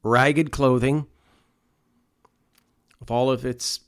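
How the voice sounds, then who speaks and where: A man's voice: mid-range voice, fairly even intonation, very slow, smooth. Conversational male preacher. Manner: conversational, often says "you know" and "okay?". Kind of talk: sermon.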